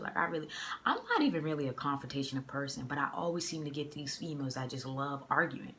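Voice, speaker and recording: A young woman from the area, telling a personal story in a casual, slangy, animated way on a phone mic. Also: sits low, a little fast, a little hiss or hum. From Boston area. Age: young adult. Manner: animated, slangy, acts out the dialogue. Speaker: vlogger.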